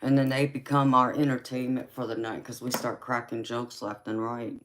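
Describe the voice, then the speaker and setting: A woman's voice: rumbling low, little pitch movement, normal speed, a little hiss or hum. A woman with a Southern Georgia accent hosting a casual live stream, reading out viewer comments, laughing often and calling people honey and sweetheart. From Southern United States. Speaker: tarot reader and livestream host.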